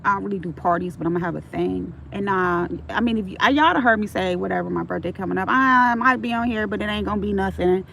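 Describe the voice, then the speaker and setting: A woman's voice: mid-range voice, fast, vocal fry, hardly any pauses, a bit bright, rough recording. A middle-aged woman telling stories on a casual livestream, frank and streetwise, swearing freely, with faint traffic noise behind her.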